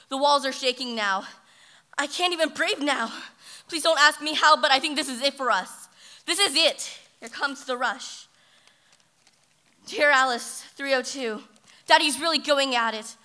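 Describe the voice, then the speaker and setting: Teen girl doing slam poetry, high bright voice, goes loud then real quiet. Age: teens. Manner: dramatic, swings from loud to hushed. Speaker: high school slam poet. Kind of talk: spoken word performance. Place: ballroom stage.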